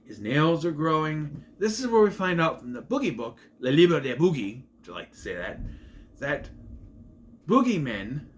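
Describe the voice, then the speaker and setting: A man's voice: fairly high pitch, very animated, moderate pace. A man casually recapping a movie, rambling and trailing off into asides. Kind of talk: casual film recap commentary.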